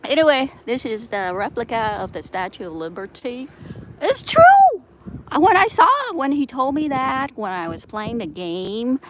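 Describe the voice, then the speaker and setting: A woman's voice: a little high, sing-song, moderate pace, noisy background. A woman live-streaming from an outdoor seaside plaza, chatting in a rambling way, laughing often and breaking into sudden outbursts.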